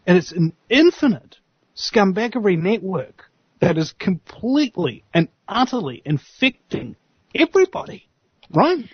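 New zealand man, fairly high voice, casual talk show guest, slangy, dry dull sound. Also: very animated, unhurried, slightly rough, no room sound. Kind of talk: casual chat.

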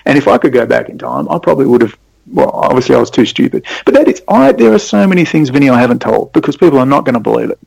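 Gravelly man telling stories. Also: mid-range voice, rapid-fire, dry recording, rough recording. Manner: rambling, excitable storytelling with sudden animated spikes. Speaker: podcast guest. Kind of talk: casual conversation.

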